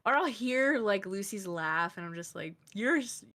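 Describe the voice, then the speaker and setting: A woman's voice: medium pitch, expressive, normal speed, a bit bright. A woman streamer chatting as a guest in an interview, rambling and giggly with lots of filler words. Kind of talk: casual interview chat.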